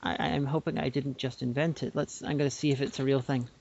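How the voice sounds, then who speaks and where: A woman's voice: rumbling low, fairly even intonation, fast, darkish tone, lo-fi sound. A woman co-hosting a casual podcast chat, playfully dropping showy vocabulary. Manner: playful, tries out fancy words. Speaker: podcast co-host.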